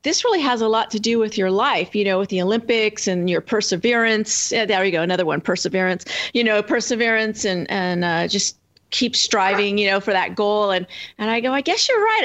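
A woman's voice: mid-range voice, fairly bright tone. A woman guest, a children's book author, chatting in an upbeat, rambling way in an interview. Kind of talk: casual interview chat. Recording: dull lo-fi remote line.

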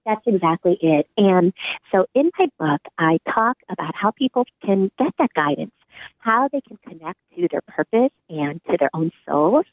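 A woman's voice: on the low side, normal speed, no echo. A middle-aged woman, a psychiatrist and author, giving earnest, reflective interview answers. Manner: earnest, animated, acts out remembered dialogue. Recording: dry, phone-like narrow sound.

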